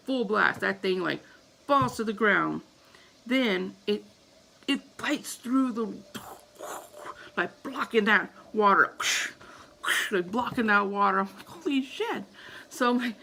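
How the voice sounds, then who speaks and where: A woman's voice: medium pitch, gravelly, a bit bright, slight background noise, poor audio. A woman in her thirties telling a story casually to camera as a vlogger, acting out her own panicked reactions.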